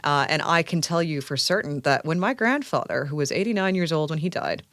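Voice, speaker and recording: A woman from Canada, a science writer guesting on a podcast, talking in an animated, enthusiastic storytelling way. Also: low-pitched, a little fast, no room sound. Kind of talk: casual podcast conversation.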